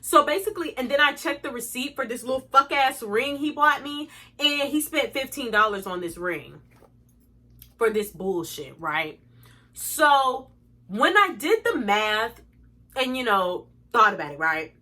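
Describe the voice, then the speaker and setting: Bright, blunt young woman ranting. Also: high voice, animated, unhurried. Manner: blunt, profane and indignant, addressing viewers as y'all. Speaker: vlogger. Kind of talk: storytime rant.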